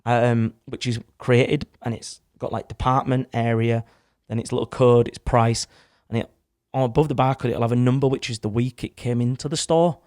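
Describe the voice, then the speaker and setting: A young man appears as a guest on a podcast, casually telling a rambling story with some swearing. His medium-pitched voice is a little mellow, with fairly even intonation and a moderate pace. It's captured on a studio microphone, with clean studio sound and no room echo.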